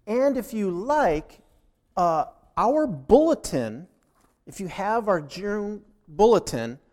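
A man preaching a sermon, telling a personal story and acting out the dialogue with emphasis. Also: sits high. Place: church sanctuary. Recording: long hall reverb.

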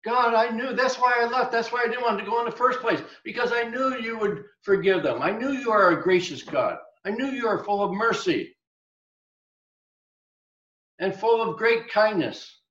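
A man's voice: high-pitched, lively intonation, normal speed, fairly bright tone, reverberant, muffled recording, pitched above the performer's own voice. A man voicing the prophet Jonah as a sulky, exasperated grown man who protests and pleads with God. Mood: protesting.

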